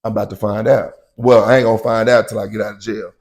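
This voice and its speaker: Speaking fast in a lowish, level voice, this man relays a personal story full of slang. He keeps saying "you know what I'm saying" and belts out shouted quotes as he reenacts them.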